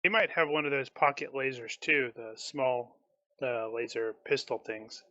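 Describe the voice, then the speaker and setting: A man playing at a tabletop game, chiming in with quick asides. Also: medium pitch, pushed and bright. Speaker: player. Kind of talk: casual table talk. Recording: dry, dull lo-fi mic.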